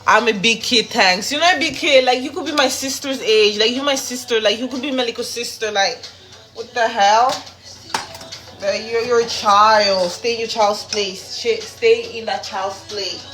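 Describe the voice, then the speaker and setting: Speaking at a normal speed in a voice on the high side, this woman cooks while livestreaming and addresses her phone audience directly. She talks casually and bluntly, with plenty of cursing. Behind her, loud music echoes around the room.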